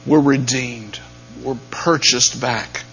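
A man preaching a sermon, dropping to near-whispers and then rising to loud, emphatic peaks. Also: mid-range voice, takes it slowly, faint music behind. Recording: dull lo-fi sound with faint mains hum.

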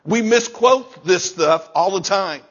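A man's voice: high voice, animated, takes it slowly, fairly bright tone, dull audio. A male pastor preaching a sermon, emphatic and repeating key lines, chuckling between points.

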